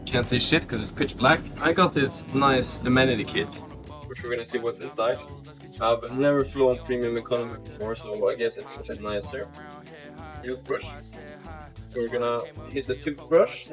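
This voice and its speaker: A man's voice: mid-range voice, steady tone, moderate pace, music in the background. A man in his twenties vlogging casually, rambling with fillers and restarts. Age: 20s. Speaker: entrepreneur vlogger. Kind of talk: casual vlog narration.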